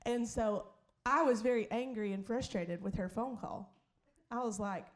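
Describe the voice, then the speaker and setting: A woman's voice: on the high side, moderate pace. A woman pastor preaching in a storytelling way. She laughs often and acts out other people's voices. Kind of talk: sermon storytelling.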